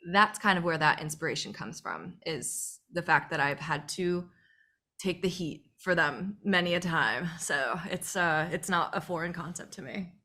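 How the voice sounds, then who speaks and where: Bright, chatty Valley Girl woman. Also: lowish voice. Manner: upbeat, chatty, laughs easily. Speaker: actor. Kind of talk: casual interview chat.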